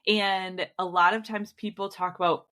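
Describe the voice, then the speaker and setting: A woman's voice: mid-range voice, level tone, moderate pace, pushed and bright. A young woman from Rochester, New York with an Inland North accent, co-hosting a podcast and explaining things steadily in casual chat. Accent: Inland North American. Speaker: podcast co-host.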